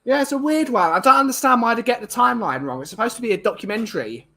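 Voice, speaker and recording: Guy, young, high bright voice, loose opinionated chat to his viewers. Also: lively intonation, fast talker. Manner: rambling, opinionated, many restarts. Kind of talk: casual chat.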